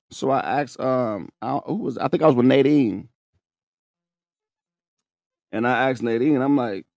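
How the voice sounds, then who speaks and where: A man telling his own story in casual, profane, animated talk, laughing and breaking into high shouts. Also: moderate pace, dry recording, clean studio sound.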